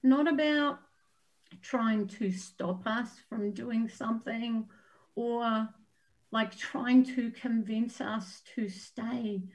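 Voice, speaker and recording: A woman's voice: on the high side, extremely slow, rough recording. A woman co-hosting an online event, speaking in an earnest and open way. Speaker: co-host and organizer. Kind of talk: heartfelt address. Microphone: video call.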